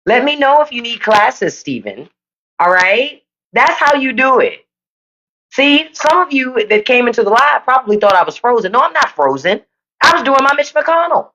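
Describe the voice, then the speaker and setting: Playful woman live-streaming, lively voice. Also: fairly high pitch. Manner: playful, laughs often, talks to viewers as y'all. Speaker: podcast host on a live stream. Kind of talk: casual livestream commentary. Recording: dull lo-fi livestream audio.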